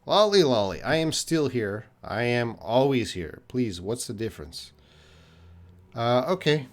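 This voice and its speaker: Canadian guy teaching english live, slow and patient, reads out chat names, lots of uh's. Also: mid-range voice, big pitch swings. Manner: slow, patient, repeats student names and pauses with uh; drinks tea while talking to the camera. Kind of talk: live-stream English lesson answering chat questions.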